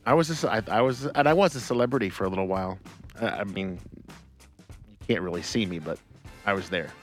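A man hosting a casual radio chat show, telling animated stories, in a studio with faint music. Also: on the low side, a little fast. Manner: animated, tells stories with laughs. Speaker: radio host.

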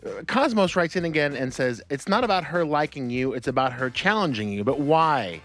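A man's voice: on the high side, expressive, fairly quick, fairly bright tone. A man co-hosting a radio show, reading listener messages and asking amused questions. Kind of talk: casual studio banter.

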